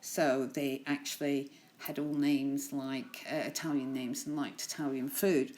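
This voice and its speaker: A woman's voice: very deep voice, little pitch movement, a little slow, darkish tone. A woman teacher in a recorded lesson, reading poems aloud to her pupils and chatting about them in a friendly, encouraging way with frequent laughs. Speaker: primary school teacher.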